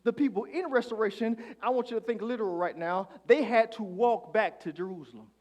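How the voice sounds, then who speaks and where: With a high, brisk voice, a male pastor preaches to his congregation, inviting them to call back. His delivery alternates between hushed passages and loud shouts.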